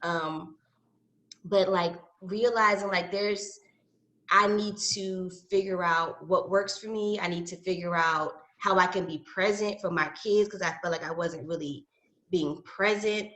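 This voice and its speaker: A woman's voice: lowish voice, steady tone, a little slow, fairly bright tone. Woman, casual panel chat, meandering and filler-heavy; roomy, echoey video-call sound. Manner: rambling, lots of fillers. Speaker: mom and educator in panel talk. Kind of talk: casual group conversation. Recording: roomy echo.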